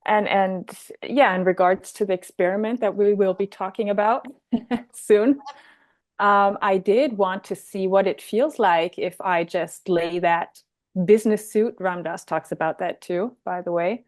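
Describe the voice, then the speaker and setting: A woman's voice: medium pitch, unhurried, darkish tone, no echo. A woman with an Austrian German accent, a native German speaker, co-hosting a casual spiritual chat in a reflective, hesitant way. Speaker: podcast co-host.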